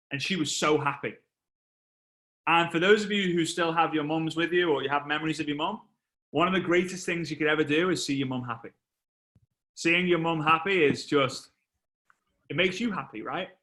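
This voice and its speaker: A man, a motivational speaker telling a story on stage, animated and acting out voices and sound effects. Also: fairly high pitch, moderate pace, pauses often.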